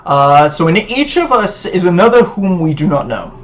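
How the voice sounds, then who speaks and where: A man's voice: high voice, big pitch swings, normal speed, a little hiss or hum, poor audio. A man hosting a horror let's play, reacting in effusive, rambling casual commentary.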